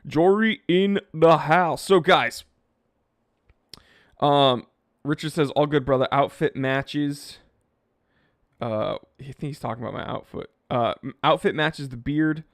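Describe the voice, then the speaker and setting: A man's voice: mid-range voice, a little slow, long pauses, no echo, studio quality. Joking man reading live stream comments. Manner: joking, self-deprecating, lively. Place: home studio in California. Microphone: wearing headphones, close mic.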